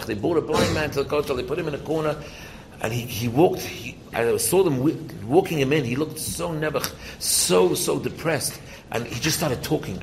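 Gravelly-voiced man giving an emphatic Torah talk. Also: medium pitch, background noise. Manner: repetitive, emphatic, asks and answers his own questions. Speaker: rabbi teaching students.

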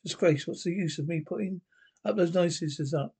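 An actor playing a fussy, easily outraged frontier town judge in a 1960s comedy film, with a prim, indignant way of talking. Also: male voice, a little high, normal speed, darkish tone, slightly rough.

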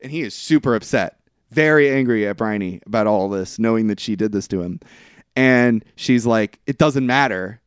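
On a podcast he co-hosts, a young man gives a casual, rambling movie recap, mimicking characters' quotes with jumps in his pitch. His voice is clear and resonant at a moderate pace, captured as clean studio sound with no room noise.

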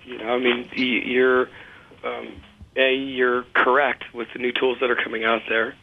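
Flat-voiced businessman guest on radio. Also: mid-range voice, normal speed, creaky, slight background noise. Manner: steady, businesslike explaining. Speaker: guest, company CEO. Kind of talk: casual talk radio interview. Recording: slightly dull, lo-fi radio audio.

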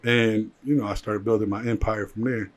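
A man, a jeweler and entrepreneur, telling his life story in a casual interview, animated and full of "like" fillers. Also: on the low side, moderate pace.

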